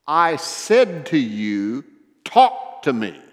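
A man's voice: mid-range voice, very animated, slow pace, big-room sound. A male preacher voicing a blunt elderly woman in a nursing home, insistent and scolding.

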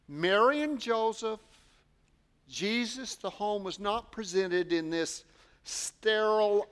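Expressive male preacher, higher voice. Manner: expressive, acts out quotes, poses rhetorical questions. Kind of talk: sermon.

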